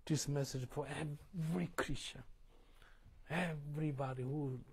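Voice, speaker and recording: A man preaching a sermon, questioning the congregation and moving between loud emphasis and hushed tones. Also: a little high, steady tone, a little slow, slightly rough. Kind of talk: sermon with call-and-response.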